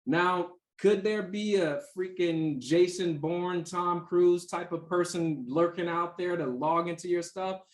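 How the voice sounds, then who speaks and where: A man with a somewhat high voice explains security in a loose, conversational way, telling stories and restarting his sentences. He sounds like an instructor answering questions. His voice carries the echo of a reverberant room. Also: fairly even intonation, unhurried, hardly any pauses. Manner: chatty, anecdotal, many fillers and restarts. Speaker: cybersecurity instructor.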